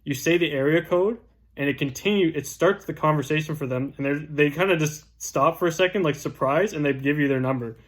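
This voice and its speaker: A young real estate agent with a fairly high voice briskly and casually teaches door-knocking scripts. He is chatty, tagging his points with a constant "right?"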